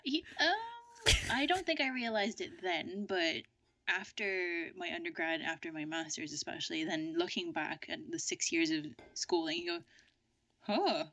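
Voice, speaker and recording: A woman's voice: on the low side, moderate pace, bright, forceful tone. A woman co-hosting a podcast in casual chat, chiming in with short wry remarks. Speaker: podcast co-host.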